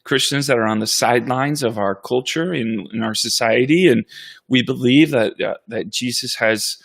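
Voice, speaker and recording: A man pastor in a casual church update chat, talking in a reflective, halting way with frequent restarts. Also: medium pitch, creaky, fairly bright tone. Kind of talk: casual conversation.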